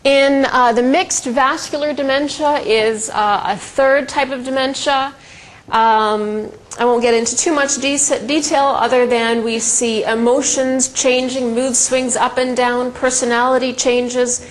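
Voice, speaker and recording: A woman's voice: high-pitched, steady tone, a little slow, slight background noise, rough recording. A middle-aged woman giving a conversational lecture presentation, telling stories with frequent ums and restarts. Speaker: presenter and educator.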